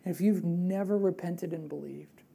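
A woman preaching a sermon in a lively, conversational way, asking rhetorical questions and dropping to a hushed, earnest voice for emphasis. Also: on the low side, moderate pace, vocal fry, breathy edge.

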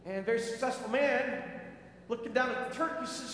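A man's voice: very high voice, a little fast, a bit bright. A man preaching a sermon, telling a story in a conversational way with frequent restarts, in a large hall. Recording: echoey hall, faint noise.

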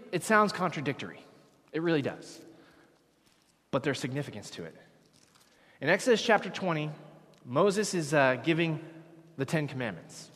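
Male preacher, expressive swings from hushed to emphatic, in a church with a long reverberant tail. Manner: animated preaching, drops low then rises to emphatic peaks. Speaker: pastor. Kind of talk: sermon.

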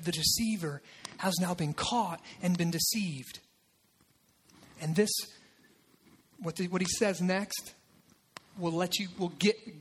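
Male pastor, very high voice, animated sermon delivery, long hall reverb. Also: husky. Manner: animated, acts out quoted lines with raised voice.

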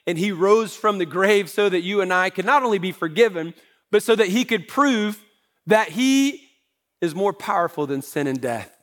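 A man's voice: sits high, animated, normal speed. A man preaching a sermon as pastor, talking in a conversational way with self-deprecating humor.

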